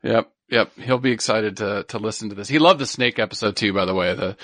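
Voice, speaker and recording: Excited man, podcast co-host. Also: fairly low pitch, brisk, dry recording. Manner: enthusiastic, repeats words for emphasis. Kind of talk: casual chat.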